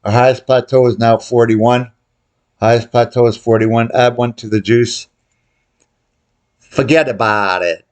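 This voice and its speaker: An older man hosts a baccarat tutorial, calling out bets to viewers in a chatty, joking way as casual commentary over live bets. His mid-range voice is fairly even, a little slow, with long pauses.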